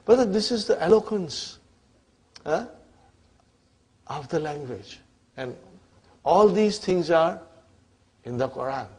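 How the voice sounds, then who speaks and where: A man's voice: high voice, dark tone. A man teaching an Arabic grammar class, often checking in with the students and answering his own questions. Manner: keeps checking in with the class, asking "huh?" and "are you with me?"; asks the students questions and then answers them himself. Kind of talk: classroom lecture.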